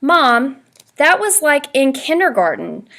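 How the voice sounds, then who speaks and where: A woman's voice: high-pitched, sing-song, takes it slowly, creaky, fairly bright tone, pitched above the performer's own voice, full character voice. A woman voicing a blunt, exasperated middle-school boy in a read-aloud storybook.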